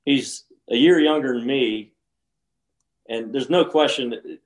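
A man's voice: mid-range voice, slow pace. A man in his sixties, a former pro golfer co-hosting a casual chat, telling stories with frequent restarts. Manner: rambling storyteller with frequent restarts.

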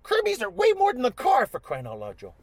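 Super squeaky dysfunctional leprechaun guy, bouncy voice, keeps saying joe. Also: huge pitch swings, a little fast, creaky, dry recording, exaggerated voice. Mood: cocky. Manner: tacks the name Joe onto nearly every line. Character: squeaky dysfunctional male leprechaun, cocky and evasive. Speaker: interview guest.

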